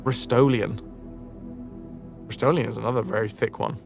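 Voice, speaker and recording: A man with a northern English Yorkshire accent chats away while he plays, musing aloud and answering his viewers. His voice sits at an ordinary middle pitch. Faint music plays behind him. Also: steady tone, normal speed, creaky. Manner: chatty, reads out and answers chat messages, muses aloud. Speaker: streamer. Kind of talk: casual live-stream chat while gaming.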